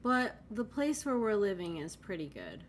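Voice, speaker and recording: A woman's voice: medium pitch, very animated, moderate pace, slight background noise. A woman giving casual gameplay commentary, chatty and thinking aloud, with sudden exasperated outbursts. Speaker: let's play gamer.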